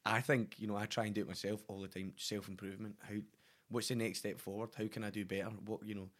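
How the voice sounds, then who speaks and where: Scottish man, middle-aged, casual chat; low voice, rapid, enthusiastic, restarts often. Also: level tone. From Scotland. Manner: enthusiastic, lots of "you know" and restarts.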